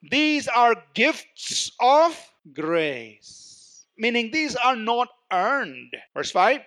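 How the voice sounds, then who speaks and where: A man's voice: extremely high pitch, bright, forceful tone. A man preaching a teaching sermon, explaining Greek words and stressing key terms as he goes.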